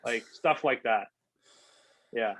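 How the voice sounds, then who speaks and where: Over dull, lo-fi remote audio, a man who used to play hockey spins laid-back, rambling stories full of fillers for a casual interview. His mid-range voice is slow and a bit bright.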